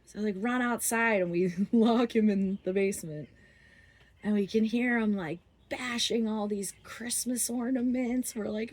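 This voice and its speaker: A woman's voice: fairly high pitch, a little slow, a little mellow. A woman casually telling a story from her youth, rambling with lots of fillers and frequent laughter.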